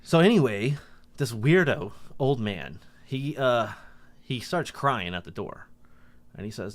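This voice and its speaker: Animated male podcast storyteller. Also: normal speed. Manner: animated, acts out quotes in a high voice. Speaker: podcast co-host. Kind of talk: casual storytelling chat.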